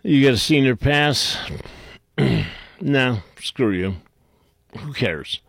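A blunt, gruff man hosts a call-in radio talk show, reading items aloud and scoffing at them. He talks slowly and rambles with restarts in a mid-pitched voice. The studio sound is close and dry. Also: animated, fairly bright tone, no echo.

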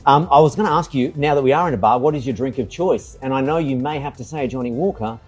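Husky man, teasing interviewer. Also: medium pitch, darkish tone, faint music behind. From Australia. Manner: teasing, quick questions. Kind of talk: casual interview chat.

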